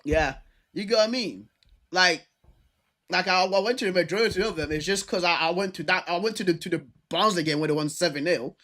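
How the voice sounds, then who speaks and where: Animated young man ranting, high voice. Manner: animated, stubborn, fast ranting with many repeats. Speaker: livestream football show host. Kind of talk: casual football chat.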